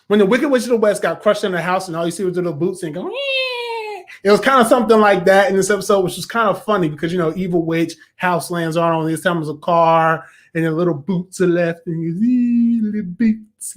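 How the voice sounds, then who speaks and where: Brief: young adult male host, high voice, chatty episode reviewer. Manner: chatty and animated, acts out quotes. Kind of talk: casual video review.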